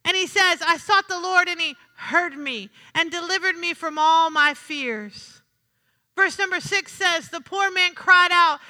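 High, bright woman preaching in a reverberant hall. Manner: preaching with call-and-response, repeating lines for emphasis. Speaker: pastor. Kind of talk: sermon. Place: church sanctuary.

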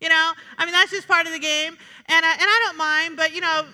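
High, bright-voiced woman pastor preaching. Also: a little fast. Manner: lively, chatty preaching with asides and laughter. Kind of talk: sermon. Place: church sanctuary. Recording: reverberant church sanctuary.

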